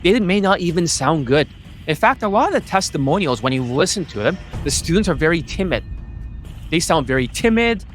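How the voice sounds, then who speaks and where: Middle-aged guy ranting at the camera, swears a lot, kinda high voice, some faint music behind. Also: very animated, brisk. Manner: profane, emphatic, stresses words with rising pitch. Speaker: dating coach.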